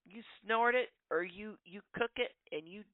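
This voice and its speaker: A woman hosting a podcast, delivering an opinionated monologue in an animated, ranting way full of rhetorical questions. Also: medium pitch, moderate pace, no room sound. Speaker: podcast host. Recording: tinny phone-like line, dry.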